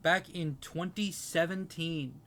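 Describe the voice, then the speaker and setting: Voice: medium pitch, steady tone, slow pace, a bit bright, a little hiss or hum. A podcast co-host in casual chat who laughs often and rambles through stories.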